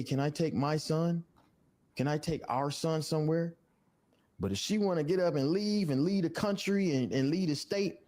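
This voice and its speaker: A man's voice: medium pitch, darkish tone. A man speaking candidly in an interview, frustrated and blunt, swearing and repeating himself as he vents.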